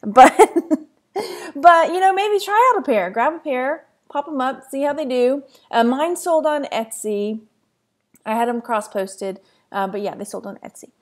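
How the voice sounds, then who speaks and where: A woman's voice: high voice, expressive, measured pace. A woman from Texas chatting casually on a phone livestream, giggly and rambling as she talks to viewers. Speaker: reseller vlogger.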